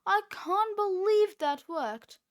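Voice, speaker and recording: A woman reading aloud, voicing an excitable young boy who shrieks in panic. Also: extremely high pitch, slow, voice pushed up. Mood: panicked. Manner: shrieking, frantic.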